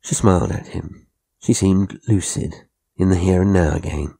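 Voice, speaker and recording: A man narrates a horror audiobook with measured, atmospheric delivery. His voice is very deep and gravelly, with a dark, husky tone.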